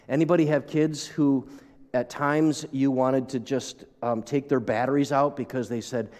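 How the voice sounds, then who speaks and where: Pastor preaching in a reverberant hall. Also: male voice, mid-range voice, steady tone, unhurried, a little mellow. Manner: conversational, with asides to the congregation. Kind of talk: sermon. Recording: long reverb of a large hall.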